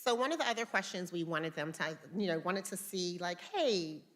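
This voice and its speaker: A woman's voice: lowish voice, a bit bright. A woman presenting research results at a conference in a conversational way, with filler words.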